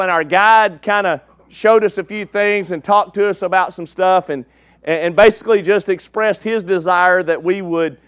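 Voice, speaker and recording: A man's voice: high voice, a bit bright, smooth, no echo. A man preaching in a church, folksy and joking with the congregation. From East Texas. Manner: folksy and joking, checks in with "okay?". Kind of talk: sermon with a slide show.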